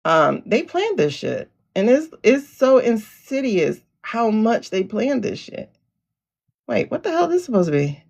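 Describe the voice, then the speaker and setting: A woman's voice: fairly high pitch, very animated, a little slow, creaky, a little mellow. A woman hosting a casual livestream, chatting with viewers and greeting them by name. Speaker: livestream host. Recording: lo-fi downloaded livestream audio.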